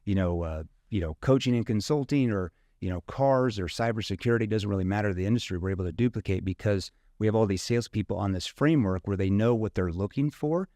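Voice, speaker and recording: A man's voice: on the low side, quick pace, few pauses, mellow, no room sound, clean studio sound. A man from rural Missouri, a sales trainer talking casually in an interview and acting out questions in different tones.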